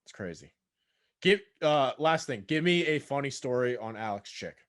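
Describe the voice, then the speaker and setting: A man's voice: medium pitch, animated, moderate pace. Upbeat male podcast host. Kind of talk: casual podcast chat.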